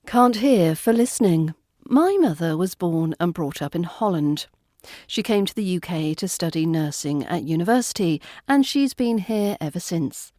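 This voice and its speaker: A woman with a British RP accent hosting a podcast lesson on accents, speaking in a clear, measured teaching manner into a close mic. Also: on the low side, expressive, warm tone, dry recording. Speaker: accent coach and podcast host.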